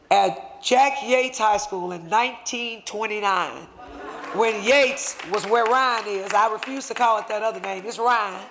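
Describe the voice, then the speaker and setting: A man's voice: high-pitched, a bit bright. A man giving an impassioned, emotional speech at a luncheon, speaking in a fervent, conversational way as he presents a certificate.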